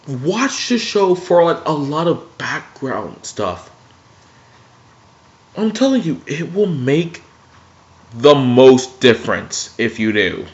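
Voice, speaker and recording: A young man ranting casually about TV cartoons in a dim room at home, animated and profane. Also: mid-range voice, measured pace. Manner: animated, profane, jumps between mocking impressions. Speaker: video blogger. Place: dimly lit room at home. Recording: dull, lo-fi home recording.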